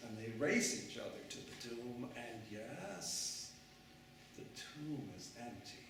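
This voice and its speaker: Brief: man preaching, slow and dramatic, in a very echoey room, distant mic. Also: mid-range voice, expressive, background noise. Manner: dramatic, unhurried storytelling. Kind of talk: storytelling sermon.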